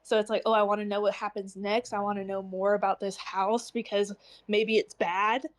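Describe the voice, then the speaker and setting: A woman's voice: mid-range voice, level tone, normal speed. Young woman gushing about a book on a stream, lots of "like", acts out the lines. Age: young adult. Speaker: book club co-host. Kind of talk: casual book discussion.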